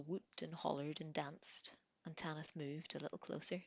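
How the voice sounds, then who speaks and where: A woman narrating a book chapter aloud in a calm, measured way. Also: low-pitched, creaky, dry recording. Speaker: audiobook reader. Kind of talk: audiobook narration.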